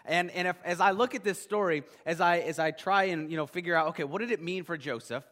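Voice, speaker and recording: A man preaching a sermon as pastor, conversational and animated, with many restarts. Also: high voice, fast. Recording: long hall reverb.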